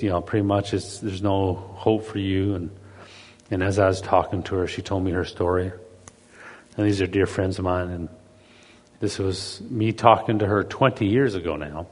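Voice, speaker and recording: Man preaching in a reverberant hall. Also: lowish voice. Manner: conversational storytelling, repeats words and restarts. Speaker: pastor. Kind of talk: sermon.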